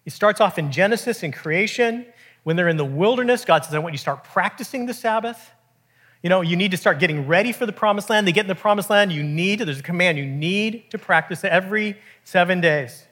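A man, preaching a sermon in a conversational, animated way with frequent restarts. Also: high voice, fairly quick, husky. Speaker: pastor.

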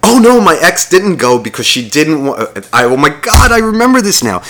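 With big pitch swings, a moderate pace and a slightly bright tone, this man rambles through crude stories as a podcast co-host. He's heavily profane and imitates others by pitching his voice up high.

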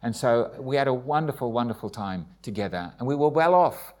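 A man's voice: animated, a little fast, darkish tone. A middle-aged man, a missionary, telling a heartfelt personal testimony in church, with frequent hesitations and dialogue acted out in a rising voice. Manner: heartfelt storytelling, acts out dialogue with rising pitch.

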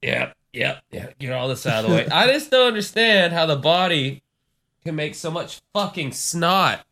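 A man's voice: on the high side, expressive, moderate pace, gravelly, sharp tone, a little hiss or hum. A man co-hosting a podcast in loose, profane casual chat, stuffed up from sneezing and stumbling over his words. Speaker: podcast co-host.

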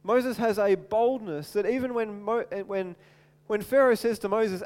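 A man preaching a sermon as animated storytelling, acting out voices and often repeating words, in a large hall with long reverb. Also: high voice, moderate pace, few pauses.

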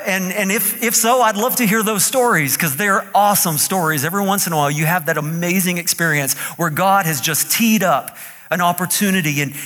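Bright-voiced man preaching in a reverberant church. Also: fairly high pitch. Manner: playful, animated, draws in the congregation. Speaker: pastor. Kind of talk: sermon. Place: church with a live congregation.

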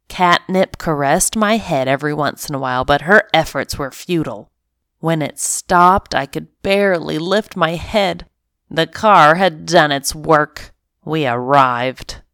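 A woman's voice: low voice, no room sound, clean studio sound. Woman reading a pet storybook aloud. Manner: expressive, animated reading in first person. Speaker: story reader. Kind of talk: storybook narration.

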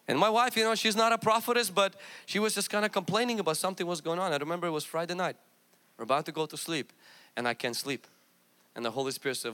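A man's voice: a little high, quick pace, pushed and bright. A man who is a pastor, telling a personal story with self-mocking humor and then preaching with rising fervor. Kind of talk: sermon.

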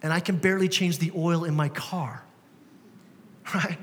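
Man preaching, higher voice, conversational sermon, rhetorical questions, long hall reverb. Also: steady tone, a little slow, a bit bright. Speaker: pastor. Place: church sanctuary.

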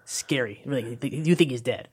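A man casually retelling a movie plot in a chat, animated and full of fillers, slipping into put-on voices for the characters. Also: medium pitch, brisk, breathy edge. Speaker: film recapper.

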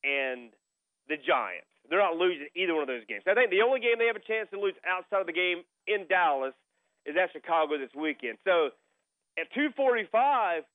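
Expressive and a little fast, this middle-aged sports radio host tells a story in casual chat, repeating himself as he goes along. His voice sits high, there is no room sound, and the audio sounds phone-like, as in a radio broadcast.

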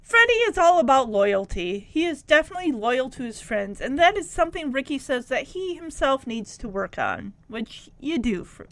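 High, lively-voiced woman recapping an episode. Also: normal speed, few pauses, no room sound. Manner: chatty, giggly, lots of fillers. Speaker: TV episode reviewer. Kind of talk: casual episode recap and review.

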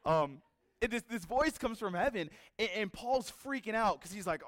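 A male pastor preaching a sermon, telling a story with lively energy and acting out the characters he quotes. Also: sits high, moderate pace, dry recording.

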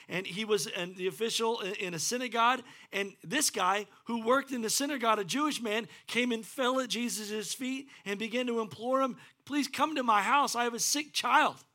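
A man preaching a sermon as pastor, animated and acting out the scripture quotes in varied voices. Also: high voice. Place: church.

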